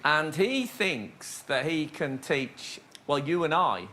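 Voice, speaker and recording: A man's voice: fairly high pitch, very animated, slow. A man hosting a comedy show, telling playful anecdotes and laughing often. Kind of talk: comic chat with studio audience. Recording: loud studio audience laughter and noise.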